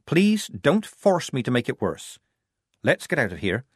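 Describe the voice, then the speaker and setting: A man's voice: mid-range voice, wildly swooping pitch, unhurried, breathy edge, dry recording, voice pushed up, heavily acted. A man voicing a resolute young woman soldier who speaks firmly and drily. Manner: firm, dry.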